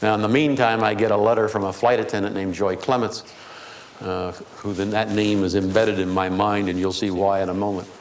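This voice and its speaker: A man delivers a keynote speech built on humorous personal stories. His voice sits on the low side. It carries a long reverb from a large hall, with faint noise underneath. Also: little pitch movement, a little fast. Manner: humorous, anecdotal. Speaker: keynote speaker. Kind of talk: storytelling speech.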